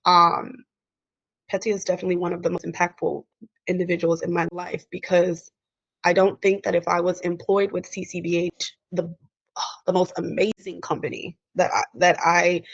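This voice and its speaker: A woman's voice: lowish voice, fairly even intonation, moderate pace, gravelly, slightly rough, dry recording. A woman speaking candidly as a podcast guest, emotional and acting out quoted dialogue. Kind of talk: candid interview conversation. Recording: dry, muffled lo-fi audio.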